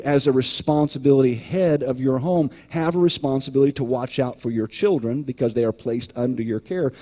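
Mellow-voiced pastor preaching emphatically. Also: male voice, medium pitch. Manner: emphatic, repeats words, quotes imagined voices. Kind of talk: sermon.

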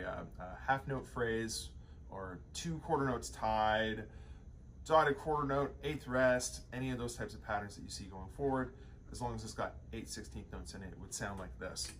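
A man's voice: fairly low pitch, fairly bright tone, slight background noise. A young man teaching a drum lesson, explaining sticking patterns in a loose way with many fillers and restarts.

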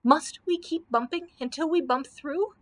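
A young girl bursts with eager excitement, as a woman reading aloud voices her. Her voice is on the high side, full of storybook wonder. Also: moderate pace.

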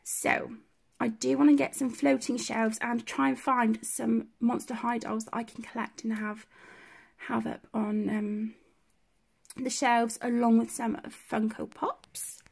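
A woman with a slightly high, gravelly voice chats through a tour of her colouring corner at home. She talks slowly and rambles, teasing herself as she goes. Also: level tone. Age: adult. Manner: chatty, rambling, self-deprecating. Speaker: colouring channel host. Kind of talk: casual room-tour chat.

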